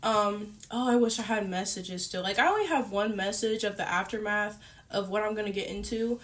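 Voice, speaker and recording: A young woman chatting casually as she tells a personal story to her viewers, animated and full of fillers. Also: medium pitch, normal speed. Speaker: storytime YouTuber.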